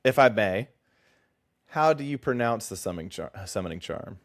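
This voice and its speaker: A man co-hosting a casual book-discussion podcast, animated and playfully teasing his partner. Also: on the low side, normal speed. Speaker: podcast co-host.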